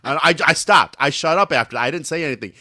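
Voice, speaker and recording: A man's voice: on the high side, fast, no echo, clean studio sound. A man co-hosting a podcast, telling stories animatedly and acting out what others said, with jokes. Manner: animated storyteller, acts out quotes, jokey. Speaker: podcast co-host. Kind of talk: casual chat.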